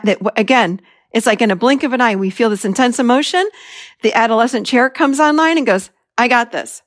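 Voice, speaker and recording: A middle-aged woman with a fairly high voice tells a personal story as a teaching example. She is animated and acts out what she said back then. The recording is dry and close, with no room sound. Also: no room sound. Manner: animated, acts out her own past lines. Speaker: podcast host and therapist. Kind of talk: personal story told as a lesson.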